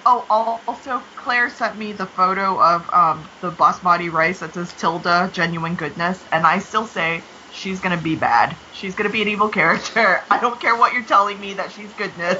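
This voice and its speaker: A woman's voice: lowish voice, normal speed, hardly any pauses, bright, forceful tone, muffled recording, a little hiss or hum. A woman co-hosting a casual podcast chat, emphatic and playful, laughing often. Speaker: podcast co-host.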